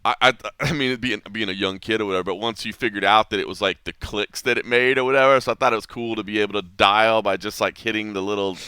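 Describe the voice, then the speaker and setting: A man's voice: on the low side, fairly even intonation, quick pace, hardly any pauses, pushed and bright, clear, resonant tone, no room sound, studio quality. A middle-aged man co-hosting a podcast, talking in a laid-back, casual way, full of "like" and "man," and laughing easily. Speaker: podcast co-host. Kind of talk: casual chat.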